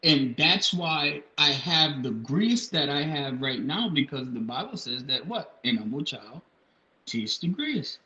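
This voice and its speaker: Brief: young man, podcast co-host, animated and lively, somewhat high voice, roomy lo-fi sound. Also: unhurried. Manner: animated, jumps into high-pitched acted bits. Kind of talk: casual podcast chat. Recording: echoey room, dull lo-fi sound.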